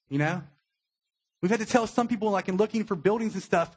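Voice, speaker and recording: A young adult man, a pastor, giving a conversational sermon with a husky voice and acted-out quotes. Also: high-pitched, a little fast. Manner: conversational preaching with acted-out quotes, emotional at times.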